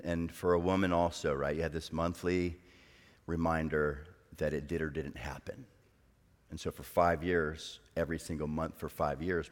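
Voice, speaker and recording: Middle-aged male guest pastor, low voice, storytelling sermon with big dynamic swings, long hall reverb. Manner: storytelling, swings from hushed to loud and bright. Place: church hall.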